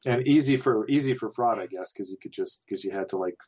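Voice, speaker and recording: A man's voice: lowish voice, a little fast, a little mellow, breathy edge. A man from Canada, a podcast guest, telling a casual anecdote in a rambling way with frequent chuckles. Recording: dull lo-fi podcast audio.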